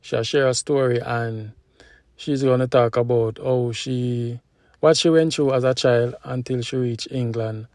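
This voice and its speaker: A man's voice: mid-range voice, fairly even intonation, unhurried, darkish tone, dry recording. A man with a Jamaican accent, hosting his channel and chatting casually to viewers in a patois-flavoured way. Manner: chatty, patois-flavoured, jokes about his own words. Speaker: channel host.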